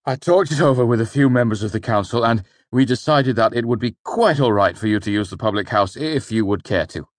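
A man's voice: mid-range voice, brisk, hardly any pauses, dry recording, pitched above the performer's own voice, lightly acted. A man doing a fussy small-town mayor. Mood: flustered. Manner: stiff, then flustered and insistent. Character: fussy, pious small-town middle-aged male mayor.

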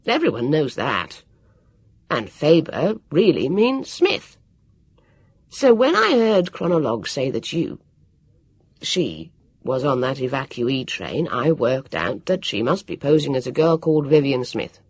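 A woman's voice: rumbling low, big pitch swings, a little slow, breathy edge, no room sound, clean studio sound, exaggerated voice. A woman reading aloud, voicing a blunt young boy who speaks plainly and critically. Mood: explaining.

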